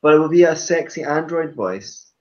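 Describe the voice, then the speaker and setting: A man's voice: on the high side, expressive, moderate pace. A Scottish man hosting a podcast in casual group chat, joking with theatrical outbursts. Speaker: podcast host. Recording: dull lo-fi sound.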